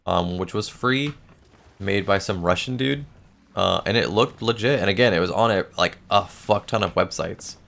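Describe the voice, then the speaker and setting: A male streamer rambles while he plays. His low voice is gravelly and fry-laden, he swears offhandedly, and he has the hiccups. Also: moderate pace, a bit bright. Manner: rambling, swears casually, laughs it off. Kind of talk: casual chat while gaming.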